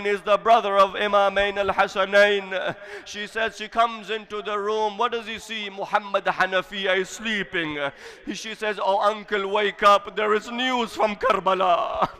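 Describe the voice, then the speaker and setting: A man with a strikingly high, bright voice recounts a sorrowful story as a sermon. His pitch stays fairly flat and steady as he narrates, and his storytelling swells into impassioned cries. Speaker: religious speaker. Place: mosque hall.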